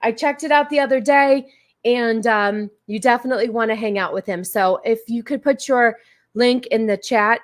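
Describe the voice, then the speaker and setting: A woman's voice: fairly high pitch, normal speed. A woman hosting a casual livestream who chats with her viewers. She is blunt, crude and joking, and she thanks her supporters effusively. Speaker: livestream host.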